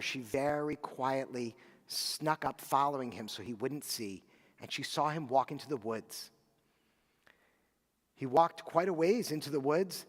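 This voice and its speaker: A man leading Shabbat services, telling a story with animated asides to the children and reading names for remembrance. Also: fairly high pitch, big-room sound. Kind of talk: storytelling sermon and liturgy.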